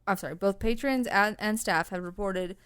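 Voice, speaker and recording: A woman's voice: mid-range voice, normal speed, fairly bright tone, clean tone. Rambling, profane woman co-host. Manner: mock voices and tangents while telling ghost stories. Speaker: podcast co-host. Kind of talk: casual chat.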